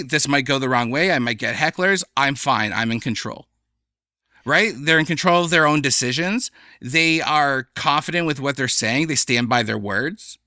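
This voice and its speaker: A young adult man, a comedian guest on a podcast, talking in an animated, chatty way. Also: fairly high pitch, smooth, dry recording, clean studio sound. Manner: animated, chatty, slips into playful voices for examples. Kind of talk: casual podcast conversation.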